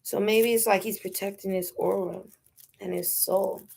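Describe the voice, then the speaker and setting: A woman's voice: medium pitch, fairly even intonation, creaky, darkish tone, slightly rough. A young woman with a New York accent chatting casually on a phone livestream, laughing often and dropping slang. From New York City. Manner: unhurried, drawn-out talk with frequent laughter and slang. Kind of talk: casual live stream chat.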